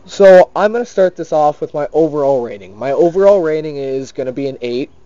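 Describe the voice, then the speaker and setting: A young man casually giving his rating in a cigar review, relaxed and leaning on words like definitely. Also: a little high, a little fast, dry recording. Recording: dull lo-fi sound.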